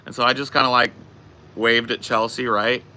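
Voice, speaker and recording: A man's voice: medium pitch, little pitch movement, normal speed, sharp tone. A man hosting a podcast, telling a casual anecdote with plenty of swearing. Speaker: podcast host. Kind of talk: casual storytelling chat.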